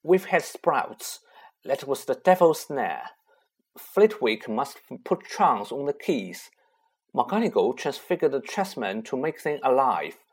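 A man voicing a clever teenage girl wizard, reasoning things out briskly in a husky voice. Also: medium pitch, big pitch swings, exaggerated voice. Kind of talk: audiobook reading.

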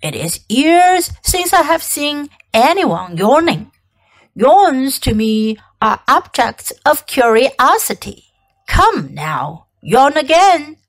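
A woman's voice: high-pitched, big pitch swings, slow, exaggerated voice. A woman reading aloud and voicing a proud, commanding old king who gives orders in a pompous manner. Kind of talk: storybook read-aloud.

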